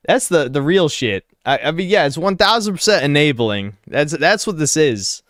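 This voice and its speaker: Blunt, mocking reaction host. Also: male voice, a little high, big pitch swings, moderate pace, hardly any pauses, a bit bright, no echo, studio quality. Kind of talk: live reaction commentary.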